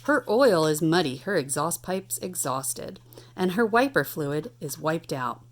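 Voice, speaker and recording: A woman's voice: low-pitched, sing-song, a little slow, slight background noise. A woman doing a motherly car mom. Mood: worried. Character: caring mother vehicle, motherly.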